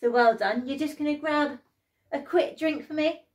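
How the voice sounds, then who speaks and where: A young woman's high voice, at normal speed, guides kids through a workout as she counts down the exercises, upbeat and encouraging. She's the instructor, and light music plays in the background.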